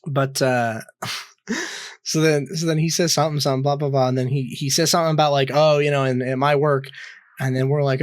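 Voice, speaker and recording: A man's voice: medium pitch, fairly even intonation, a little fast, no echo. Young male podcast co-host, loose rambling storyteller, swears freely, dry close sound. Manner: rambling, swears a lot, many fillers and restarts. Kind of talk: casual storytelling chat.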